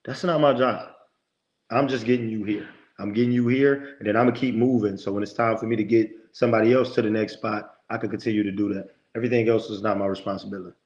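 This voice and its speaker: Homme au ton emphatique de prédicateur, son un peu étouffé. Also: male voice, on the low side, steady tone, fast, a little mellow, highs cut off. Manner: emphatic, preachy, lots of quoted self-talk. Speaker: podcast guest, motivational speaker. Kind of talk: conversational interview talk.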